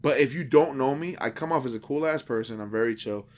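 A man co-hosting a podcast, telling a dating story in casual, profane slang and acting out the quoted dialogue with lively shifts. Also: medium pitch, fast talker. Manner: animated, acts out quoted dialogue; profane, slangy street talk.

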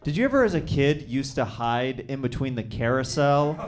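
A man hosting a live comedy show, excitable and rambling, riffing loudly on stage. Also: mid-range voice, normal speed. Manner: excitable, rambling, loud riffs. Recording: live club with crowd noise.

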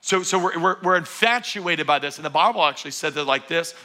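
A man's voice: fairly high pitch, lively intonation, fairly quick, sharp tone. A man preaching a sermon at a church service, fervent and emphatic, urging his congregation again and again. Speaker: pastor.

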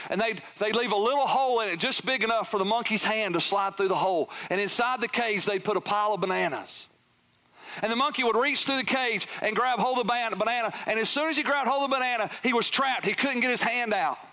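A man preaching a sermon as pastor, swinging from loud emphatic peaks down to hushed, near-whispered lines. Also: high-pitched, fairly quick.

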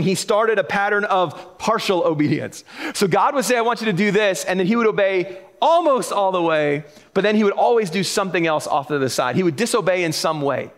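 A man with a high, light voice delivers a sermon in a church. He is animated and conversational, slipping into other voices to act out the people in the stories. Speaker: pastor.

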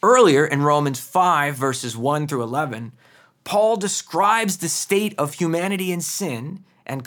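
A man's voice: on the high side, fairly bright tone. Earnest man preaching a sermon. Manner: earnest, emphatic, rhetorical questions.

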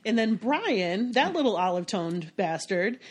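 An American woman from the United States chats casually at a moderate pace, her medium-pitched voice swinging widely in pitch. She's chatty and tells stories full of restarts and fillers.

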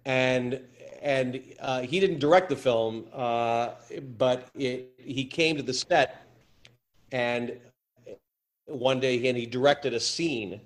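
Halting actor telling stories. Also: male voice, mid-range voice. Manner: halting, repeats words, storytelling. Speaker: actor guest. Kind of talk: anecdotal interview chat.

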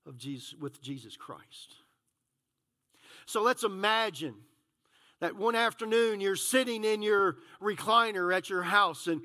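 High bright-voiced male pastor preaching. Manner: animated storyteller, acts out dialogue. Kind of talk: sermon with storytelling.

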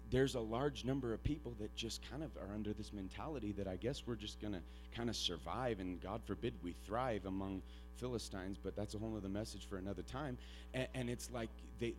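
A man preaching a sermon. He is earnest and self-deprecating, and he swings from hushed, halting storytelling to loud, shouted exhortation. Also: on the low side, faint music behind.

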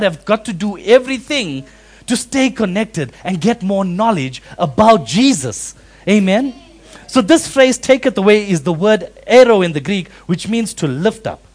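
A man preaching a sermon, animated and acting out quoted voices. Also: high-pitched, breathy edge. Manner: animated, acts out quoted voices with big swings in loudness. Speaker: pastor.

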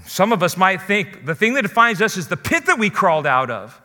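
High, bright-voiced pastor preaching. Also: male voice, sing-song, a little fast, in a large hall. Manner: earnest, direct address to listeners. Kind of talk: sermon.

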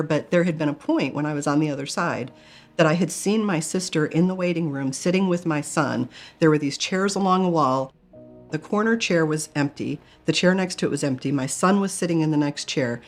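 Earnest middle-aged woman telling her story. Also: low voice. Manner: earnest, candid storytelling with self-mocking humor. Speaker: guest telling a near-death experience. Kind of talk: personal testimony.

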